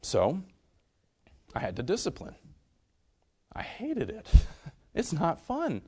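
A young man preaching a sermon in an earnest way, swinging from loud emphasis to soft, hushed storytelling. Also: on the high side, huge pitch swings, slow pace, husky.

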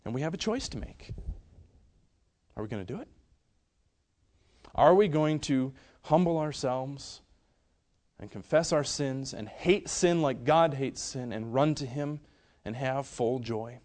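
A young man preaching a sermon in an earnest way, swinging from loud emphasis to soft, hushed storytelling. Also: mid-range voice, measured pace, pauses often.

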